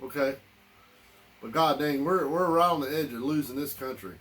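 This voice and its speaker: A man with a drawl rants to his listeners, heated and circling back on his own words. His voice sits a touch higher than most men's. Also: normal speed, a bit bright. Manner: heated, repetitive, addresses listeners as y'all. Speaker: political commentator. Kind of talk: angry political rant.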